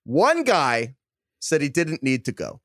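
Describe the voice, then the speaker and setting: A man's voice: on the high side, slow pace, no room sound, clean studio sound. A man co-hosting a podcast, reading listener emails aloud and acting out the quoted lines. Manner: animated storytelling, acts out quoted lines.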